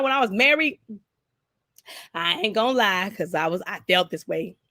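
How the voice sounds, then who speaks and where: Middle-aged woman live-streamer, candid and rambling, mid pitch, dry close sound. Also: a bit bright, dry recording. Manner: candid and rambling, with frequent restarts. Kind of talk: casual live-stream chat answering viewers.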